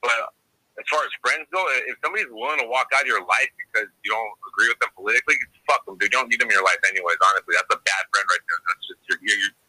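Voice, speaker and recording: A man's voice: fairly low pitch, very fast, sharp tone, dry recording, low-quality recording. A young man talking as a guest in casual chat, blunt and profane, full of slang.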